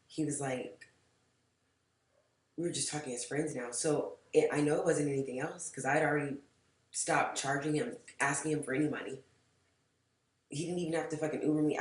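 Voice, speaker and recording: A woman telling a storytime vlog in a frank, rambling way, swearing freely and saying "like" a lot. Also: deep voice. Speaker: vlogger. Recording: roomy echo, mic far off.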